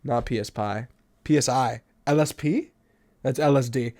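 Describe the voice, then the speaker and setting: Animated young New man telling stories. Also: moderate pace. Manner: animated, swings from loud outbursts to low mutters. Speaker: podcast host. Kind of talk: casual storytelling monologue.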